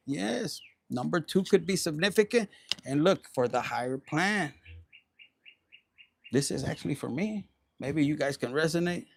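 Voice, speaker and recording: A man doing a casual, animated tarot reading, swearing often and slipping into Spanish slang. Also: a little high, vocal fry. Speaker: tarot reader.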